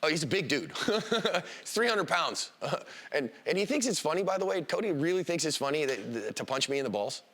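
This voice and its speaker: Brief: middle-aged male self-defense instructor, lively and joking, bright lively delivery. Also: fairly high pitch, brisk. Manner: animated, joking, acts out quoted voices. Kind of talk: live classroom lecture.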